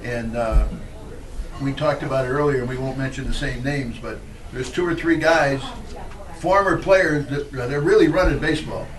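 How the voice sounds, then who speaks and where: An older man, a former pitcher, telling rambling baseball anecdotes at a live question-and-answer event, speaking into a handheld mic with fillers and restarts. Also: normal speed, distant mic. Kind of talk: storytelling at a live Q&A.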